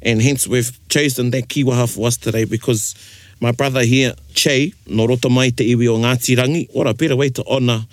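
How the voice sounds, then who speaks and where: A man's voice: medium pitch, steady tone, brisk, dry recording. Playful New Zealand man hosting a podcast. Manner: explaining, playful, mixes in Māori phrases. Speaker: podcast host. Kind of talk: casual chat.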